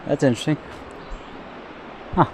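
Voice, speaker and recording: A man's voice: normal speed, noisy background. Rambling young man on a hiking trail. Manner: rambling, self-deprecating, frequent swearing and fillers. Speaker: thru-hiker vlogger. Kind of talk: casual spoken trail diary. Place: outdoors by a river near a town.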